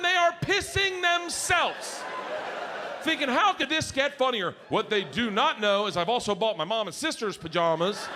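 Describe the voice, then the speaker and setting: A middle-aged man doing a stand-up comedy set on a club stage, telling stories loudly and shouting his punchlines. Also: very high-pitched. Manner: loud, animated storytelling with shouted punchlines. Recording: live club audio with audience noise.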